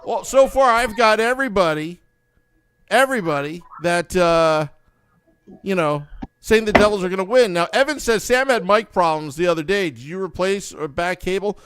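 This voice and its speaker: A man's voice: high voice, expressive, moderate pace, fairly bright tone, clear, resonant tone. A man hosting a live hockey podcast, upbeat and hyping positivity while reading viewer comments aloud. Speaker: podcast host.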